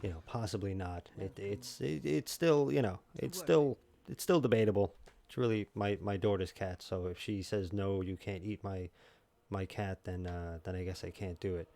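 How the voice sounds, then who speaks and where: A man's voice: deep voice, normal speed, gravelly, mellow. A man streaming a video game from home, joking and rambling as he chats with his viewers by name. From New York. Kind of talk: casual gaming stream chat.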